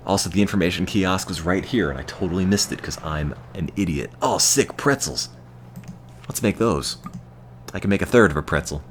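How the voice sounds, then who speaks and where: An American man streaming a game, chatting to his viewers in a deadpan, self-mocking way. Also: low voice, brisk, slight background noise. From United States. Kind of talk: casual gameplay commentary to chat.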